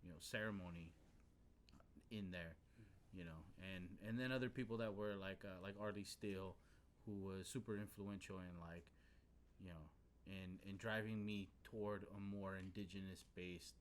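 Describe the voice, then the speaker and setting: A man hosting a podcast, telling his story in a relaxed, casual way, full of fillers and casual swearing. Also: low voice, normal speed, slight background noise. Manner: laid-back, heavy on fillers like "you know what I mean", swears casually. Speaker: podcast host. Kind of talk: casual storytelling in a men's talk circle.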